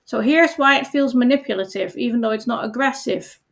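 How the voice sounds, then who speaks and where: A woman coach reads a reassuring chat reply aloud for a product demo. Her voice sits a little high and carries a gravelly texture. She speaks with gentle emphasis, lingering on comforting lines. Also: brisk.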